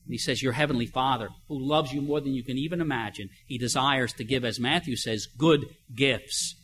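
A man's voice: medium pitch, brisk, a bit bright, slight background noise. An older man preaching a sermon in a conversational way, telling everyday stories and asking rhetorical questions. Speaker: pastor.

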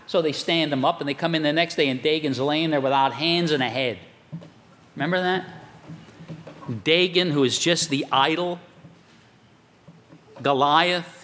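A man preaching a sermon as a pastor, animated and emphatic. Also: a little high. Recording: long hall reverb.

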